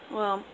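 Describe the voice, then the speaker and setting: A young woman in her twenties casually telling a personal story to camera, rambling with lots of fillers. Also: noisy background. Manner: rambling, filler-heavy, laid-back. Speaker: vlogger.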